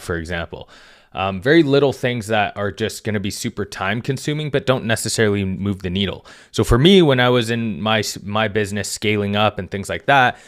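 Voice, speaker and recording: A man coaching entrepreneurs in a casual, conversational talk, often tagging his points with "right?" and filling pauses with "um". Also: fairly low pitch. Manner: conversational, frequent "right?" and "um" fillers. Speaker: business coach. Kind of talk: casual direct-to-camera advice talk.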